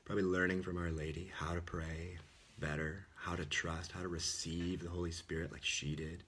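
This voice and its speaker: A man's voice: low-pitched, flat delivery, normal speed, a bit bright, slight background noise. A man giving an earnest, informal Christian talk, often dropping to a whisper. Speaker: Catholic speaker. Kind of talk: casual sermon.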